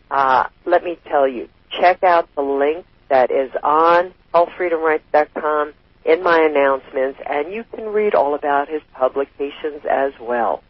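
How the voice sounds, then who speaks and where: A man's voice: on the high side, unhurried, no echo, highs cut off. A man hosting a talk show, reading out a long guest introduction and then asking questions in an earnest way.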